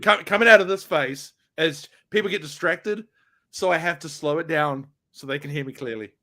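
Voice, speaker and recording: A man's voice: fairly high pitch, normal speed, pushed and bright. A man from New Zealand with a New Zealand accent, rambling jokily and laughing often as a guest in a casual chat.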